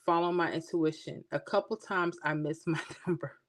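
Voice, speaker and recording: This is a woman from Florida chatting live with her viewers, easygoing and personal as she tells stories and calls people out by name. Her voice sits slightly low for a woman. She sounds middle-aged. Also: fairly even intonation, moderate pace. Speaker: livestream host. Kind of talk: casual livestream chat.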